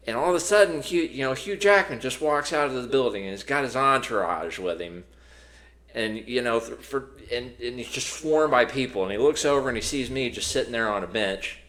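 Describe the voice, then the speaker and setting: A man's voice: medium pitch, expressive, fairly quick, fairly bright tone. A man co-hosting a podcast in casual chat, telling a long story with many restarts and fillers. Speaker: podcast co-host.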